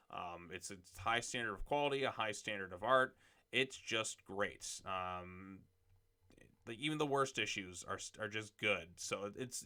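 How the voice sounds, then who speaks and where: A man hosting a casual video, reading comic solicitation blurbs aloud and commenting off the cuff in a relaxed way. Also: mid-range voice.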